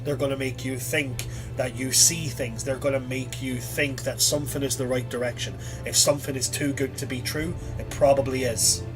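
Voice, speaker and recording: A man narrating as game master, animated and stammering when excited, with some swearing. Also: medium pitch, moderate pace, hardly any pauses, music in the background.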